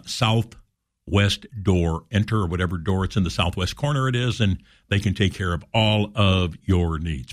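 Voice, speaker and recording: A man's voice: mid-range voice, a bit bright. A man hosting a call-in radio talk show, chatting with callers in a friendly, bantering way.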